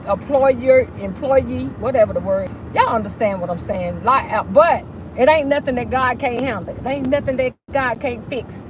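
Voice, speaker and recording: High-voiced woman chatting from her car. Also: a little hiss or hum, poor audio. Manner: chatty, sing-song, greets viewers. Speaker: livestream host. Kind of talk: casual live chat while driving.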